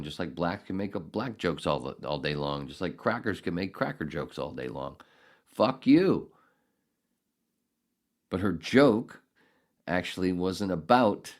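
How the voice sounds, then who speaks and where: A man hosting a solo podcast, ranting angrily and sarcastically with heavy profanity. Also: extremely low pitch. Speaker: podcast host.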